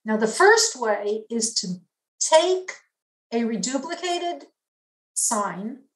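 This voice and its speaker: A woman giving an academic linguistics lecture in a measured, explanatory way, pausing to demonstrate examples. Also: on the high side, animated, a bit bright, reverberant, low-quality recording.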